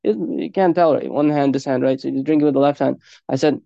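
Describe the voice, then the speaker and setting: A man's voice: medium pitch, steady tone, fairly quick, gravelly, dark tone, dry recording. A man preaching an informal sermon, earnest and conversational, sprinkling his talk with Arabic religious phrases. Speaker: Islamic preacher. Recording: dull lo-fi dry recording.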